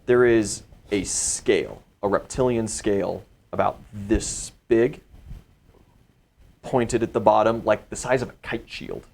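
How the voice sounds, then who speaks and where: A man narrating a tabletop game as game master, describing scenes at an unhurried pace. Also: on the low side, vocal fry, darkish tone.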